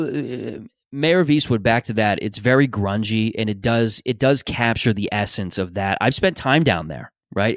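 A man's voice: medium pitch, no room sound, studio quality. A man hosting a podcast in a casual, rambling, opinionated monologue, swearing freely. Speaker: podcast host.

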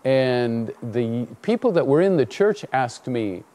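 Male preacher with a warm, mellow voice who tells stories in a sermon and acts out the dialogue. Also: medium pitch, slow pace. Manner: animated storytelling, acts out dialogue. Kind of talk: sermon with personal story.

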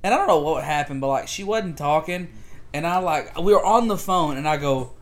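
A man's voice: on the high side, a little fast. A man co-hosting a podcast, chatting casually and telling stories with lots of acted-out quotes. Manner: animated storyteller, acts out quotes. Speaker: podcast co-host. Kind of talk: casual chat.

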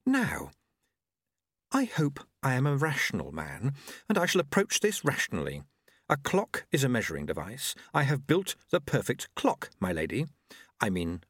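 A man voicing Jeremy, a high-strung young male clockmaker who talks in a shrill, excitable, nervously precise way. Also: normal speed, husky, no room sound, studio quality, exaggerated voice. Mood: eager.

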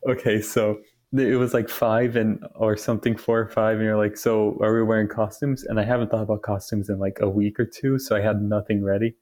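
A young man co-hosting a casual podcast, rambling through a long story with frequent restarts. His voice sits a little low. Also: flat delivery, brisk, darkish tone. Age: young adult. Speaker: podcast co-host. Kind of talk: casual chat.

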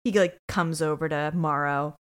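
A woman co-hosting a podcast, retelling a TV episode in a lively, joking way with quoted asides. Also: deep voice, normal speed. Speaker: podcast co-host. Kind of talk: casual episode recap chat.

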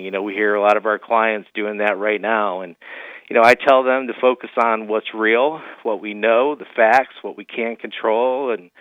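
Low-voiced man on a tinny phone line. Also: no echo. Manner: folksy, many fillers. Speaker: financial advisor. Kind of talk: phone-in radio guest, storytelling.

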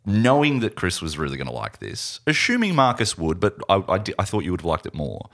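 A man's voice: sits low, a little fast, gravelly. A man co-hosting a film podcast, chatting casually and laughing, slipping into silly impressions. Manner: animated, laughing, does silly accent impressions. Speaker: podcast co-host. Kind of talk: casual chat.

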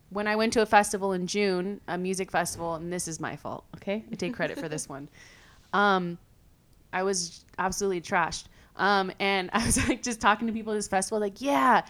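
A young woman from California hosting a podcast, telling stories in a casual, animated way, full of fillers and swearing. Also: mid-range voice. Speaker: podcast host. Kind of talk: casual storytelling chat.

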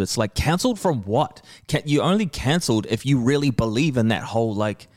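A man's voice: medium pitch, expressive, brisk, hardly any pauses, no echo, studio quality. A man, talking brashly as a podcast guest, swearing freely and laughing often. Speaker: podcast guest, rapper and comedian. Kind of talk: casual podcast conversation.

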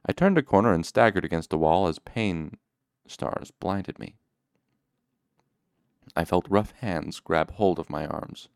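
A man reading a novel aloud in the first person, with measured, steady storytelling. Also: low-pitched, vocal fry, smooth, dry recording, studio quality. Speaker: audiobook reader.

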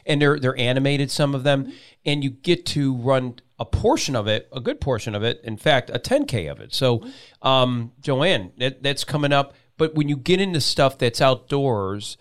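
A man's voice: medium pitch, expressive, normal speed, clear, resonant tone. A man hosting a talk show, chatting casually and often restarting his sentences. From Columbus, Georgia. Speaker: radio show host.

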